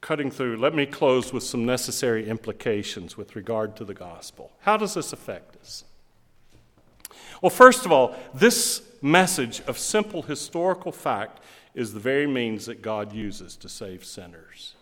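A man's voice: mid-range voice, sing-song, normal speed. Man preaching emphatically in a reverberant hall. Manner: emphatic preaching with dynamic swings in loudness. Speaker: pastor. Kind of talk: sermon. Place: church sanctuary. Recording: long reverb of a church hall.

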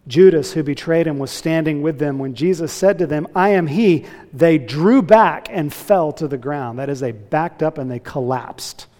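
A man's voice: a little high, darkish tone. Emphatic male preacher in a reverberant hall. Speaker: pastor. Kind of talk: sermon.

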